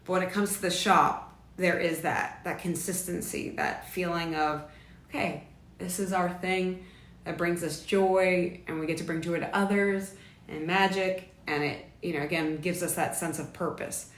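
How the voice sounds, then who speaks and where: A woman's voice: fairly low pitch, fairly even intonation, moderate pace. A young woman hosting a casual live stream from home, chatting and reading viewer comments aloud. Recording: echoey room with faint background noise.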